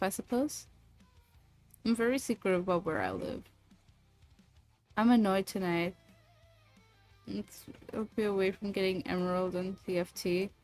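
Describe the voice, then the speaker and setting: Woman streamer, playful and teasing, mid-pitched voice with faint music underneath. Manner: playful, teasing, lots of laughs. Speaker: livestreamer chatting with viewers. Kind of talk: casual livestream chat.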